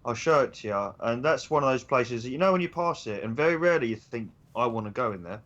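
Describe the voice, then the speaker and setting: A man's voice: mid-range voice, quick pace, fairly bright tone. Rambling man on a dull mic. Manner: rambling, searches for words. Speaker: stream co-host. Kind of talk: casual chat.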